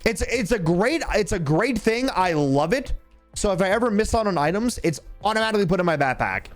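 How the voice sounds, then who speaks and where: A man's voice: sits high, lively intonation, brisk, faint music behind. A young man streaming a game, chatting casually and rambling with heavy swearing. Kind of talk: casual chat while gaming.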